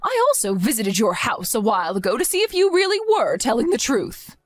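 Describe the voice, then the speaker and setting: A woman's voice: on the high side, wildly swooping pitch, fairly quick, no room sound. A woman voicing a protective, stern grandmother who demands answers and scolds firmly in a dramatized story. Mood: scolding. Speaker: narrator and grandmother.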